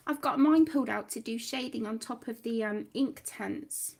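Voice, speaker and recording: A woman from the United Kingdom runs a chatty craft livestream from her home, slightly flustered and talking to herself while she works, greeting viewers fondly as sweetheart. Her voice is on the high side, creaky and a little mellow, at a moderate pace.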